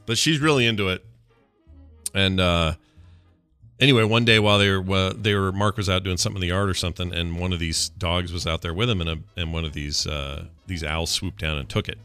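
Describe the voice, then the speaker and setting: A man co-hosting a comedy podcast, telling rambling stories and slipping into animated voices for the people in them. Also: low-pitched, fairly quick, clear, resonant tone, soft background music. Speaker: podcast co-host. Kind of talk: casual comedic chat.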